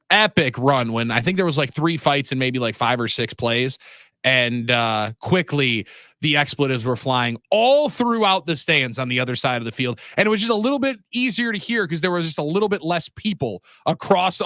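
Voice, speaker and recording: Male sports radio host, higher-pitched, energetic and rambling, dry studio mic. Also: no room sound. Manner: energetic, rambling, quick bursts of speech. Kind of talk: casual sports radio talk. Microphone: studio microphone.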